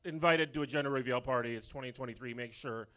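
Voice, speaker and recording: A man performing stand-up on a club stage. His voice is bright and forceful, and he drops dark punchlines in a flat, deadpan way. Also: mid-range voice, fast talker. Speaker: stand-up comedian. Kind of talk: stand-up set.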